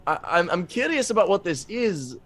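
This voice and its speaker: A man's voice: sits high, big pitch swings, fairly bright tone. Stammering man playing a tabletop character. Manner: halting, stammering, curious. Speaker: player.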